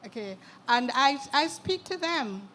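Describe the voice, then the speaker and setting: Older jamaican lady, writer chatting onstage, says okay a lot, kinda high voice, a bit of hiss. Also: animated, unhurried, bright, forceful tone. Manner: earthy, emphatic, punctuates with "okay". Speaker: writer and interview guest. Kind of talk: conversational interview at a literary event.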